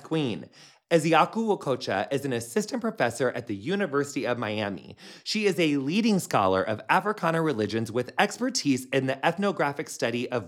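A man hosting a podcast in casual chat, gushing and effusive, peppering his talk with "honey" and "like". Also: mid-range voice. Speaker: podcast host.

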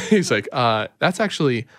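A man's voice: mid-range voice, unhurried, slight background noise. A man in his thirties, co-host of a morning radio show, telling a funny story with lots of laughter and acted-out voices. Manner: animated, laughing, acts out quoted voices. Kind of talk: casual storytelling chat.

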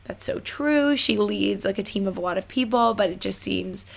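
A woman's voice: mid-range voice, steady tone, brisk, gravelly. A young woman telling a story casually to her viewers, chatty and full of fillers. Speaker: vlogger.

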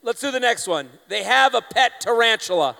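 A man's voice: very high-pitched, moderate pace, gravelly. A man hosting a live comedy panel show, talking energetically and rallying the audience. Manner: energetic, rallies the crowd. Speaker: host. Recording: reverberant live venue.

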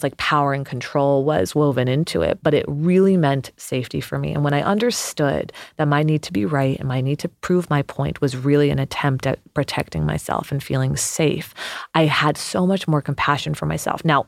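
A woman's voice: low-pitched, normal speed, vocal fry, dry recording, studio quality. A woman therapist, a guest on a podcast, telling personal stories in a reflective, earnest way with frequent fillers. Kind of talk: casual podcast conversation.

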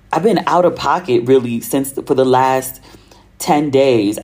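Speaking slowly in a bass voice with a slightly mellow quality, this American podcast host shares travel tales on her own show. It's a relaxed solo monologue, full of slang and acted-out conversations.

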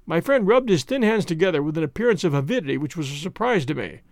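Expressive man narrating a detective story. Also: fairly high pitch, quick pace, dry recording, studio quality. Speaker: audiobook narrator.

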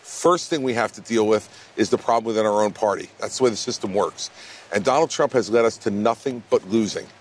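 A man's voice: on the low side, a little fast. A man, a presidential candidate answering questions in a blunt, emphatic way in a TV news interview. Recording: faint background noise.

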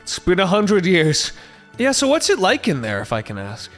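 A man plays his character in a tabletop game, with a playful, joking manner. His voice is high and bright, and his pitch swings around a lot. Faint music sits underneath. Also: huge pitch swings, normal speed. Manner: playful, jokey. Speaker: player.

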